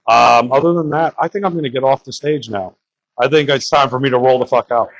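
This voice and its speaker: A man's voice: mid-range voice, brisk, highs cut off. A young man from the Bronx doing crude, rambling open-mic stand-up and talking to the crowd. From New York (the Bronx). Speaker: stand-up comedian.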